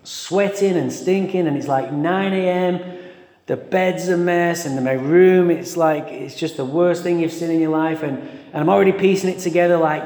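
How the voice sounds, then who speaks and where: A man's voice: on the high side, normal speed. A man candidly telling his own recovery story to an audience, acting out his past thoughts with self-mocking humor. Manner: candid, animated storytelling with self-mockery and acted-out inner voices. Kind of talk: personal story told to an audience. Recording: echoey hall.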